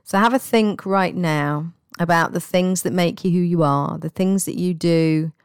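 A woman giving a guided self-help talk as a wellbeing coach, speaking in a gentle, encouraging and reassuring way. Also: fairly low pitch, a little slow, clean tone, no room sound, studio quality.

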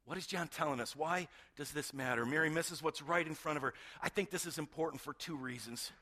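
A middle-aged male pastor preaching a sermon, retelling a story with hushed moments and emphatic build-ups. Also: on the high side, a little fast. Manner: animated storytelling, swings between hushed and emphatic.

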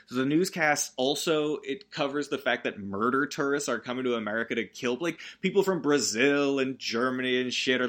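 Bright-voiced man rambling through a comic recap. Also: mid-range voice. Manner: rambling, self-interrupting, joking. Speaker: movie recap host. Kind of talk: comedic movie recap.

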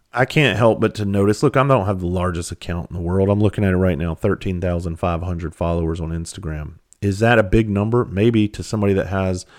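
Deep-voiced man telling stories. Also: darkish tone. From South Carolina. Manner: loose, profane, conversational with frequent fillers. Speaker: comedian and speaker. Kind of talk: casual storytelling monologue.

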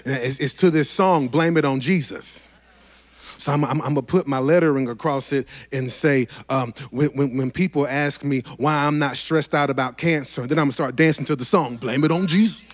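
A man's voice: medium pitch, normal speed. A pastor preaching a sermon to his church, fervent and rhythmic, with lots of repetition and direct calls to the congregation.

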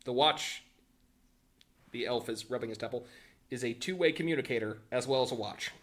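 A man's voice: mid-range voice, a little fast, a bit bright. A man narrating as game master of a tabletop game, in a dry, teasing way.

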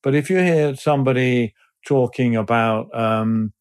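An older man answering interview questions thoughtfully, with frequent pauses and fillers. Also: medium pitch, darkish tone. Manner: thoughtful, hesitant, many fillers. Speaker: guest, business person.

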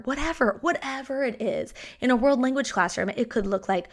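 A woman in her thirties, a teacher hosting a podcast, talking in a chatty, animated way and acting out quotes. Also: high voice, fairly quick, hardly any pauses. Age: 30s. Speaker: podcast host and language teacher. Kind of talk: casual podcast monologue.

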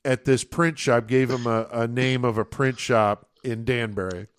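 A man's voice: mid-range voice, normal speed, clear, resonant tone. A man co-hosting a podcast, telling a long story in casual chat, swearing often and acting out the voices of the people in it. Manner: profane, animated storyteller acting out quoted voices. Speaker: podcast co-host.

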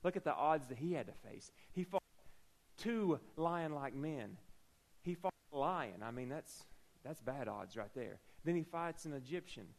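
A man's voice: a little high, expressive, unhurried, low-quality recording. A man preaching a sermon, telling a personal story with humorous asides and acting out the dialogue.

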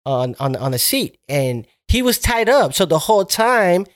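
A young man retells a story in a rambling, profane way. He keeps restarting his sentences. His voice is a little higher than most men's and sounds dry and close, with no room echo. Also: sing-song, moderate pace. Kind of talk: casual chat.

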